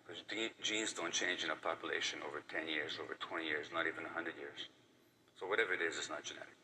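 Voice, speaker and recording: A man's voice: a bass voice, fairly even intonation, fast talker, sharp tone. An older man giving an earnest conference talk, stressing and repeating his key points. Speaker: lecturer. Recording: distant mic with faint background noise.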